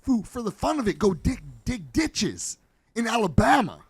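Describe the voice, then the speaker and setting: An American man co-hosting a podcast, mocking and animated in casual comedic banter. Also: high voice, moderate pace. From United States. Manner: animated, mocking, loud bursts. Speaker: podcast co-host.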